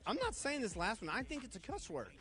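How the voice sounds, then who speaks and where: A man's voice: very high-pitched, huge pitch swings, fast, fairly bright tone, soft background music. An older man leading a youth group game, reading slang terms aloud, stumbling over them and laughing at himself. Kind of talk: playful group game in front of students.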